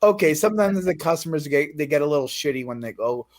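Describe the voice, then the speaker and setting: A man's voice: a little high, animated, fast talker, darkish tone. A man in casual chat, telling a story in a profane, ranting way. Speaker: guest telling his story.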